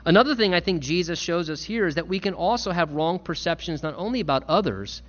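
Male pastor, animated sermon delivery, slightly raised pitch, dull recording. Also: quick pace. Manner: earnest, emphatic preaching with repetition.

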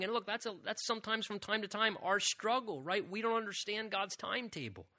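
A man's voice: sits high, lively intonation, moderate pace, hardly any pauses, pushed and bright. A man preaching a sermon as a pastor, speaking earnestly and often repeating "again" and asking "right?".

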